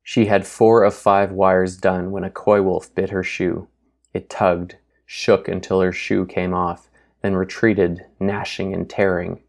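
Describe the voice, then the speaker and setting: Deep, flat-voiced male narrator. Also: a little slow, vocal fry. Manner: steady, even storytelling. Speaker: audiobook narrator. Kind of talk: scripted narration.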